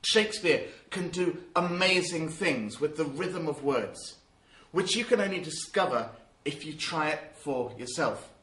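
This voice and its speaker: Male teacher, emphatic and lively, fairly high voice, recorded in a roomy space. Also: measured pace. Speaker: drama teacher. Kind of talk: spoken lesson.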